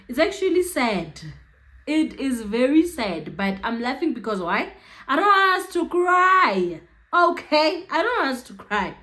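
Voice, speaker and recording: A woman's voice: a little high, pushed and bright. A young woman with a South African accent telling a personal story to her viewers. She chats, laughs often and keeps checking in with them. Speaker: YouTuber. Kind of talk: storytime vlog.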